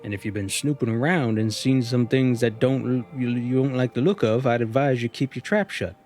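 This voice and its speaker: A man's voice: mid-range voice, normal speed, a little mellow, soft background music, natural voice. Give me a guarded small-town shopkeeper who deals shrooms, as a man puts him on, drawling and folksy. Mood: warning. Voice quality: drawling, folksy rural accent voice. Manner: wheeling and dealing, slightly menacing.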